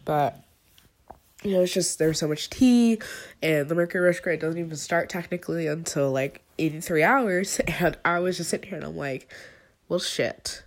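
A young woman with a stuffy nose, rambling candidly and swearing through a personal voice update after a long, emotional day. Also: moderate pace. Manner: rambling, candid, swearing, swings between low mumbling and high tearful outbursts.

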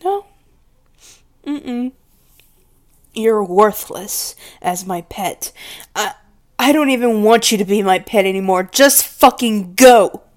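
A woman's voice: medium pitch, takes it slowly, pauses often, a little mellow, natural voice. A woman playing a volatile, possessive mistress. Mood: scornful, domineering. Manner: domineering, scornful, drops to whispers. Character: possessive, volatile woman scolding her pet. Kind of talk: audio role-play to the listener.

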